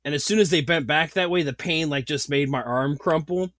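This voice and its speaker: A man's voice: fairly high pitch, a little fast, dry recording, studio quality. A man in his thirties, a podcast host, telling a story in a casual chat, laughing often and filling his talk with "like.". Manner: animated storytelling, laughs often, many fillers.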